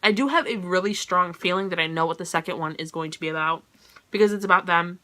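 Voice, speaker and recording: A woman's voice: fairly low pitch, fast talker, bright, forceful tone. A woman giving a casual, chatty book review, gushing and scattered with "like" and "you know".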